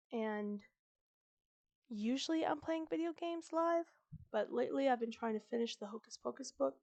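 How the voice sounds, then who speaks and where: A woman streamer chatting casually before reading a book aloud, her voice slightly croaky, talking in a chatty, rambling, upbeat way. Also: fairly high pitch, a little mellow. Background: fantasy music playing faintly.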